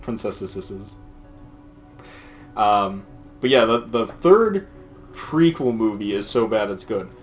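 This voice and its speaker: A man's voice: on the low side, sing-song, measured pace, soft background music. A young man co-hosting a let's play, rambling and laughing often, with casual swearing. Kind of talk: casual gaming commentary.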